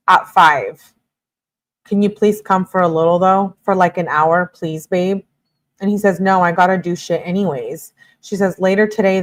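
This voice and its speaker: Lower-voiced woman reading texts aloud. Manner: plain read-aloud delivery broken by exasperated asides. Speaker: true-crime commentary host. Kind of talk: reading text messages aloud with commentary.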